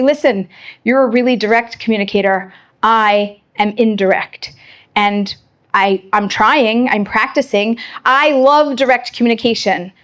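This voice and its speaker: A woman giving a lively Torah lecture, acting out bits of quoted dialogue as she explains. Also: high voice. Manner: animated, acts out quoted dialogue.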